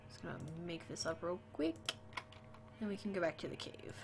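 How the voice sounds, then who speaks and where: Late at night, a woman streams a game, sleepy and chatty as she talks casually to her viewers and her dog. Her voice is fairly low and sing-song, her pace brisk, and the background is noisy.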